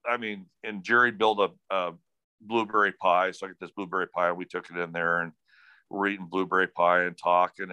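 Low-voiced man telling a folksy story. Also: bright, forceful tone, no echo. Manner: rambling, folksy, acts out dialogue in quotes. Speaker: storyteller recounting family history. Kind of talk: casual oral storytelling.

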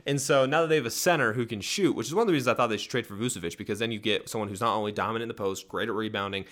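A young man hosting a solo sports podcast, rambling, correcting himself often and jumping up in pitch when excited. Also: very fast. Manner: rambling, self-correcting, animated with pitch jumps.

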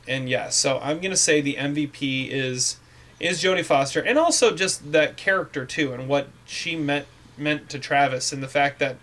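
A man's voice: on the high side, a bit bright. A man hosting a casual movie podcast, rambling with many fillers and restarts. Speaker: podcast host.

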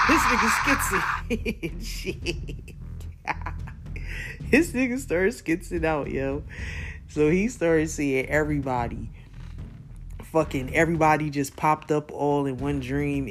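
Slow-talking man hosting a casual podcast. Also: medium pitch, a little hiss or hum. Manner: slangy and profane, laughs often, acts out his reactions. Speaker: podcast host. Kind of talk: casual TV recap chat.

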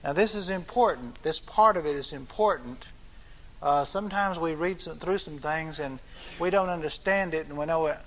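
High-voiced older man preaching. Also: fairly bright tone. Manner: reads scripture slowly, then explains in plain talk with restarts. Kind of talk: sermon with scripture reading.

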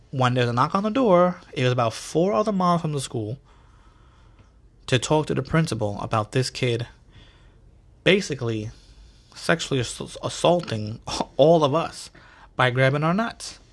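A man hosting a podcast, telling stories in a casual, animated and profane way full of slang. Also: medium pitch. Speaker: podcast host. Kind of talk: casual storytelling.

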